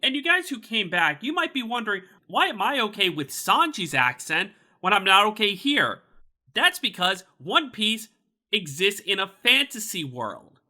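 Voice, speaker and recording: A man hosting a casual podcast chat, animated, incredulous and swearing freely. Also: high-pitched, normal speed. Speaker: podcast host.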